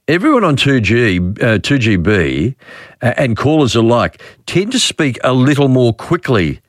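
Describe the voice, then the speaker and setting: A man's voice: fairly low pitch, no room sound. A middle-aged man with an Australian accent hosting casual talkback radio, musing aloud with chatty fillers at a close studio mic. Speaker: radio host.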